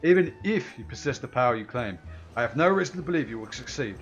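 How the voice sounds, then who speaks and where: A man's voice: mid-range voice, animated, fast talker, highs cut off, soft background music, close to an everyday voice. A man reading game lines aloud, voicing a stern, weary, grizzled old pirate captain.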